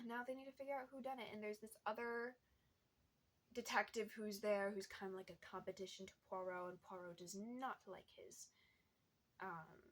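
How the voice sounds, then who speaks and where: A young woman chatting casually about what she's reading, rambling along with lots of fillers and small laughs. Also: medium pitch. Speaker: book vlogger. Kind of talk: casual book chat.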